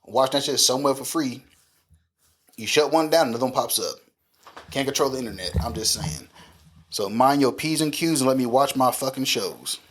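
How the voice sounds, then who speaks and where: A man's voice: mid-range voice, normal speed. Man on a blunt, slangy rant. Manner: ranting, blunt slangy delivery. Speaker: podcast co-host. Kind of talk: casual profane chat.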